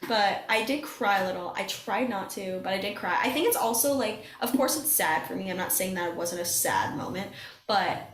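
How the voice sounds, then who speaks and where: Animated young woman telling stories, roomy sound. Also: mid-range voice, normal speed. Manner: animated storytelling, acts out quotes, laughs often. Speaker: guest, singing contestant. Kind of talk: casual chat. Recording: roomy echo.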